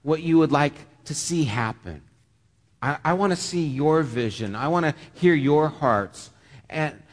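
A man with a fairly high, slightly mellow voice preaches as pastor in a church sanctuary. The sermon is earnest and heartfelt, marked by frequent stammering and repeated words, and echoes with long church-hall reverb.

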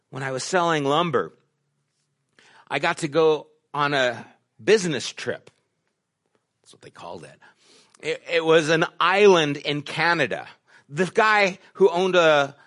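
A middle-aged pastor delivers a sermon in a slightly raised, light male voice. He tells stories easily, dropping into quiet asides and then climbing into emphatic, rising questions. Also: a little high. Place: church sanctuary.

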